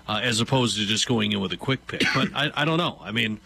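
A man's voice: lowish voice, quick pace, gravelly, pushed and bright, breathy edge. A man co-hosting a radio show with a Connecticut accent, making wry quips and thinking aloud in casual chat. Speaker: radio co-host. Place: radio studio.

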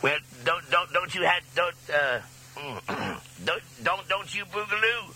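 An American man working the mic as a radio DJ, all drawl and teasing hipster patter with chuckles between lines. His voice sits high for a man and rings very bright. He toys with his callers. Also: sing-song, unhurried, slight background noise. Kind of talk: jive-talking radio show patter.

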